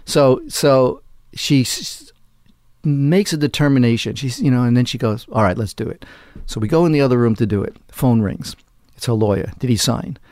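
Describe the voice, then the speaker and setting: A man's voice: medium pitch, moderate pace, a little mellow, dry recording. A man telling a long anecdote in an interview, acting out quoted lines in other voices. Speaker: interview guest. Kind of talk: conversational storytelling.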